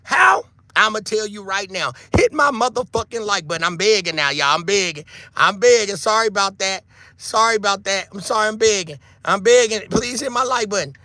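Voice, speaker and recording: A man, preaching to his online viewers in a loose monologue, swearing freely and shouting for emphasis. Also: sits high, a little fast, dry recording. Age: 50s. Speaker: online show host.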